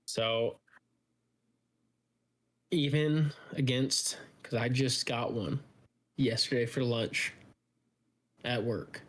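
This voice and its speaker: A man's voice: mid-range voice, very slow, pauses often. Rambling Midwestern guy swearing freely. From American Midwest. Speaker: podcast co-host. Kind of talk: casual banter.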